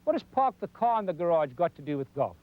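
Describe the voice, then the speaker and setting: A man's voice: a little high, sing-song, quick pace, phone-quality sound. A man giving a folksy golf lesson for television, demonstrating as he talks. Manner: folksy, demonstrating while talking. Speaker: golf instructor. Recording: 1990s television broadcast.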